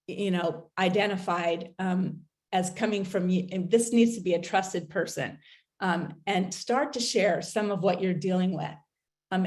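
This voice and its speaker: Earnest woman giving measured advice. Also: mid-range voice, darkish tone. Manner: earnest and measured, many pauses and "um" fillers. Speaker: host giving recovery advice. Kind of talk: casual advice talk.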